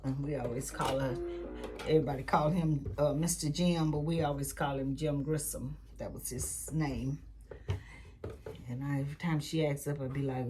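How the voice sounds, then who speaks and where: Low-voiced woman chatting while sewing. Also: fairly even intonation, moderate pace, slight background noise. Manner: chatty, rambling family stories, soft muttered asides. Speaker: quilting channel host. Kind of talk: casual chat during a sewing tutorial.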